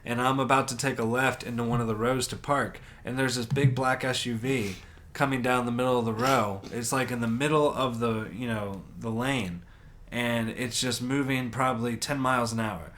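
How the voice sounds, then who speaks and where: A man co-hosting a podcast, telling a story in casual chat, animated and swearing a lot as he acts out his own reactions. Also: mid-range voice, normal speed, hardly any pauses. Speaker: podcast co-host.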